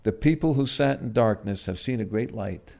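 A man preaching a sermon in a gentle, halting way, pausing often and swelling loud on key words before dropping soft again. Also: lowish voice, expressive, vocal fry. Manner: gentle, halting, with frequent "uh" and restarts.

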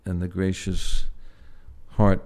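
Soft-spoken preacher with a low voice. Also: male voice, completely flat delivery. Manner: gentle, halting, with frequent "uh" and restarts; swells loud on key words, then drops soft. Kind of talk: sermon.

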